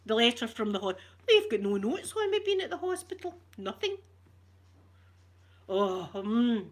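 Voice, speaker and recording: A woman's voice: on the high side, sing-song, measured pace, slightly rough. A Scottish woman chatting on an ASMR live stream, ranting with animation and swearing freely. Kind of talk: casual live-stream chat.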